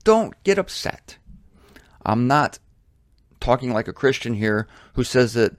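A man's voice: medium pitch, very animated, measured pace, no room sound, studio quality. A man preaching a sermon on headphones in a blunt, indignant, emphatic way. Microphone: headphones on, close mic.

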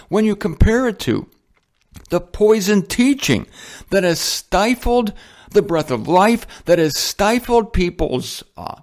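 A male Bible teacher gives a conversational monologue with a somewhat high voice. He drifts into side remarks, then drags out key words for dramatic weight. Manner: conversational, rambling asides, dramatic slow emphasis. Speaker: host of a Bible teaching show. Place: indoors, a guest home. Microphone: headphones on, talking into a mic.

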